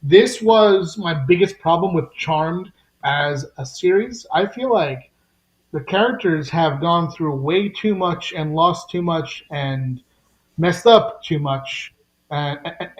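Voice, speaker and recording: A man on a podcast recapping a comic in casual chat, reading lines briskly and giving his opinions. His voice sits a little high. The sound is roomy and somewhat dull. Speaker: podcast co-host.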